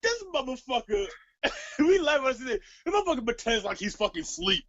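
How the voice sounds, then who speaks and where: A man with a high, lively voice spins a profane story in casual chat, often laughing as he talks. His tone is bright and sharp. The sound is dry and a little muffled. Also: a little fast, no echo.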